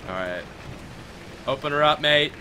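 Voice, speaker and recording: A young man commentating his own gameplay, chatty and excitable, with outbursts and mock-British slang like mate. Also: a little high. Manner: excitable, chatty, quick outbursts while playing. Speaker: gaming video host. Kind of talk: let's play commentary.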